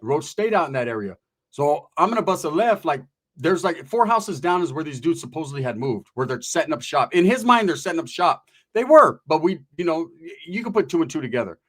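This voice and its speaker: A man's voice: a little high, big pitch swings, fairly quick. A man from Central California telling a comedic story in rambling, profane street slang.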